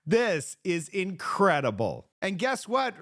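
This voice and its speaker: Man, high voice, mocking, emphatic, political commentary host. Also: huge pitch swings, slow pace, a bit bright.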